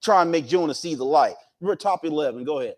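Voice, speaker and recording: A man's voice: a little high, lively intonation, fast. An American man preaching a folksy, conversational Bible lesson, often repeating and restarting his words.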